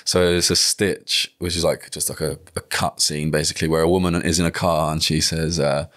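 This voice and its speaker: A man's voice: rumbling low, little pitch movement, a little fast, a bit bright. A man talking as a guest on a podcast, rambling casually with many fillers and frequent swearing.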